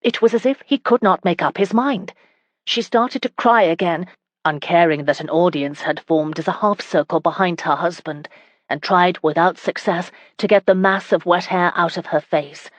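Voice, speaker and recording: Woman reading romance audiobook, steady, a bit low pitched. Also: moderate pace, no room sound. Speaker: audiobook narrator. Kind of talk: scripted narration.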